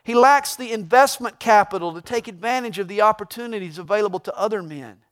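A man preaching a sermon as a pastor, emphatic, swinging between loud stresses and hushed asides. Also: high-pitched, brisk.

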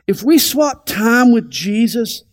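A man preaching a radio sermon, deliberate and emphatic, slowing down to stress key phrases. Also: extremely high pitch, lively intonation. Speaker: pastor.

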